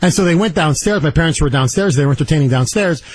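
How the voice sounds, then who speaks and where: A man hosting a talk radio show, telling stories in an animated, indignant way and taking calls. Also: a little high, fast talker. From Canada. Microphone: studio microphone.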